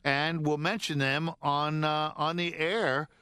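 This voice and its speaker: A man's voice: a little high, steady tone, slow, bright, forceful tone, clean tone, no echo. A man hosting a live radio talk show from a studio, upbeat and joking as he banters with his co-host. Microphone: studio microphone.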